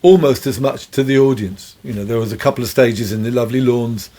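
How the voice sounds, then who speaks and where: A man, a guest musician, telling long rambling stories in a relaxed, chuckling way. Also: medium pitch, brisk. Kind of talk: anecdotal storytelling.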